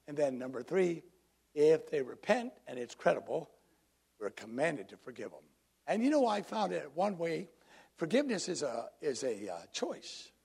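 A man's voice: a little high, vocal fry, a little mellow, breathy edge. A man preaching a sermon to his congregation in a conversational way, drawing listeners in. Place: church congregation.

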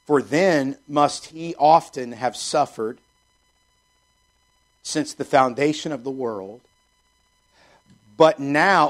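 A male pastor preaching a sermon, reading scripture and repeating points with rhetorical questions. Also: mid-range voice.

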